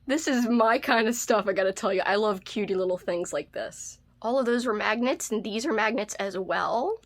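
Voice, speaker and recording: A woman's voice: a little high, expressive, normal speed. A woman book vlogger chatting casually through a haul video, bubbly and gushing over cute things with a self-mocking streak.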